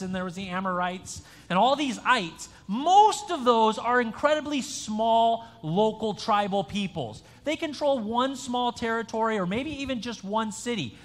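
High-voiced man preaching in reverberant church. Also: fairly bright tone. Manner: chatty, joking, with frequent restarts. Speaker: pastor. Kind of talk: conversational sermon with an interactive quiz. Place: church sanctuary. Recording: long church-hall reverb.

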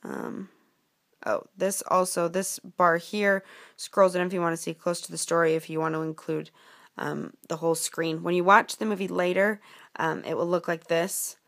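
A woman's voice: on the low side, steady tone, normal speed. A woman teacher giving a casual app tutorial, with frequent filler words as she explains.

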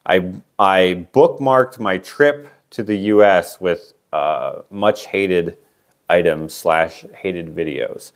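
A man with a somewhat low voice sells his handmade sculptures in a relaxed livestream auction. He rambles, trails off into fillers and makes fun of himself. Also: slow. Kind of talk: casual livestream auction chat.

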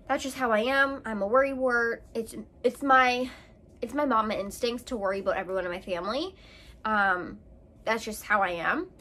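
A woman's voice: on the high side, a bit bright. A woman vlogger telling a personal story to camera in a casual, rambling way, full of fillers and restarts.

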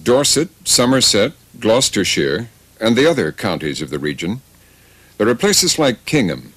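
A man giving scripted documentary narration with an expressive, rising and falling delivery. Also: on the low side, no echo.

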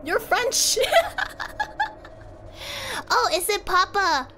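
A young woman streamer chats casually with her viewers, rambling and giggling often. Her voice is very high and bright, and her pitch jumps around a lot. She speaks in an unhurried way. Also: animated, slight background noise. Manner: giggly, rambling, talks to chat. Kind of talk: casual livestream chat.

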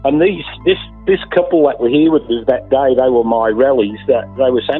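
A man's voice: medium pitch, brisk, few pauses, slightly rough. An Australian man telling a story in a casual, emphatic way, swearing freely and repeating himself. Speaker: interviewee, landowner. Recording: tinny phone line with faint music.

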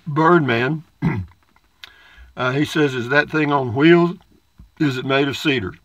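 A man's voice: medium pitch, bright, forceful tone, no echo, muffled recording. An older man reads viewer comments aloud in a folksy, rambling way with dry humor. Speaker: vlogger reading viewer comments. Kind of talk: casual comment-reading chat.

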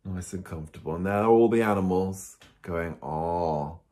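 A man's voice: deep voice, moderate pace. A man, a priest reading a story to small children and getting them to count along. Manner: animated, asks the children questions and counts along.

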